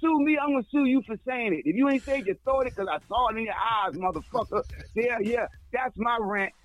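A man's voice: extremely high pitch, brisk, lo-fi sound. A man co-hosting a radio talk show, ranting in a casual, profane way with stammered restarts. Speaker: radio co-host. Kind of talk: casual on-air rant.

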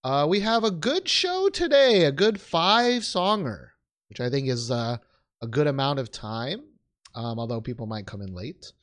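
This young man hosts a casual podcast, rambling and poking fun at himself, full of fillers and restarts. His mid-range voice is a bit bright, moves through big pitch swings, and keeps a normal speed.

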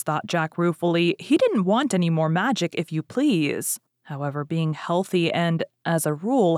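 Expressive woman reading a fairy tale. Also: fairly low pitch, no echo, clean studio sound. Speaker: storyteller. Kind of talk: storybook reading.

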